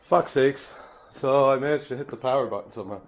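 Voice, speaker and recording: A man's voice: medium pitch, racing, noisy background. A man vlogging casually in his garage, swearing easily and chuckling as he talks into a handheld phone. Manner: swears casually, laughs often. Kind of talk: casual rambling vlog. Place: home garage. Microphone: phone camera held by hand.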